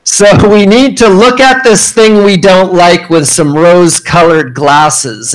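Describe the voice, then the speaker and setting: Man with a slightly high voice, teaching a university workshop in a clear, emphatic way. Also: low-quality recording. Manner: clear, emphatic teaching delivery with checking "okay?". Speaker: workshop instructor. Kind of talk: classroom workshop lecture. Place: university meeting room.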